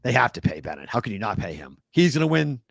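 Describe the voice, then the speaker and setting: Boston guy co-hosting a betting show; loose, animated, self-correcting, dry mic. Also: medium pitch, quick pace, vocal fry, husky, no room sound. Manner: animated, thinks aloud and corrects himself. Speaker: sports betting show co-host. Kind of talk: casual sports talk.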